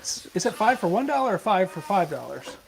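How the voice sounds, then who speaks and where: A man's voice: sits high, sing-song, brisk, gravelly, slight background noise. Offhand man reading out chat comments. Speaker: co-host reading viewer comments. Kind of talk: casual chat.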